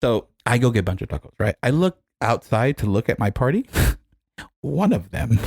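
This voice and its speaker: A man's voice: medium pitch, very animated, normal speed, a little mellow, husky, no echo, clean studio sound. A man co-hosting a podcast, telling a rambling, profane story with many restarts and a repeated "right?". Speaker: podcast co-host. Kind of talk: casual storytelling chat.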